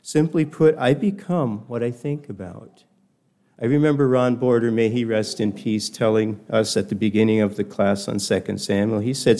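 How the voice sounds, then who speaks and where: A man's voice: on the low side, fairly even intonation, normal speed, dark tone. An older man giving a reflective personal talk, telling stories in a thoughtful, digressive way.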